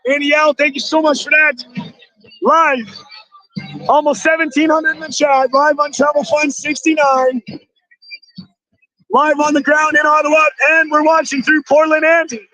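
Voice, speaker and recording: A man live-streaming outdoors at a rally, excitably shouting thanks to donors with a strained voice. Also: very high voice, moderate pace, pauses often, no echo, soft background music, rough recording. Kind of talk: excited live-stream chatter reading donations.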